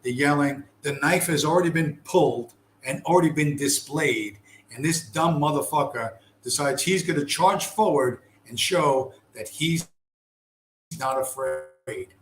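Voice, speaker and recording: A man's voice: fairly high pitch, a little slow, a little hiss or hum. Male commentator, blunt and sarcastic, swears constantly; echoey room, faint ambience. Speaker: video commentator. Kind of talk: profane commentary over a screen-shared video.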